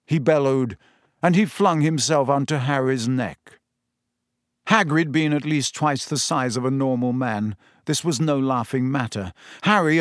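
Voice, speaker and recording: A man's voice: medium pitch, dry recording. Man narrating a storybook, dry close sound. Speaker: audiobook narrator.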